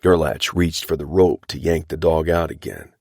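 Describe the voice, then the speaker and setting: A man reading a western audiobook in a measured, even way. His voice is very deep and low, and the recording is dry and close with no room sound. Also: vocal fry, dry recording. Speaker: audiobook narrator. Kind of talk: scripted audiobook narration.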